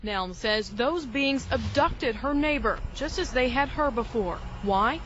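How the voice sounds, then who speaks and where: A woman TV news reporter narrating a story in a measured, scripted delivery. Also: on the high side, lively intonation, noisy background. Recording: muffled news audio with faint music.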